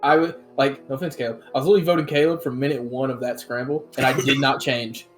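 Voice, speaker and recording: Fast-talking young man, contestant confessional. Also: medium pitch, soft background music. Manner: quick, animated and self-justifying. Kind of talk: casual confessional.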